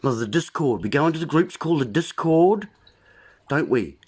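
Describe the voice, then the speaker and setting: A man's voice: on the high side, expressive, fairly quick, darkish tone, husky. A man hosting a livestream, giving a rambling, preachy wordplay monologue with asides to his viewers. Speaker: livestream host.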